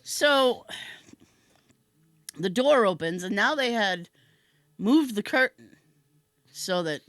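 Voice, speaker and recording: A woman hosting a podcast, telling a comic story in a casual, animated way and laughing often. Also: medium pitch, slow pace, no room sound, clean studio sound. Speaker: podcast host.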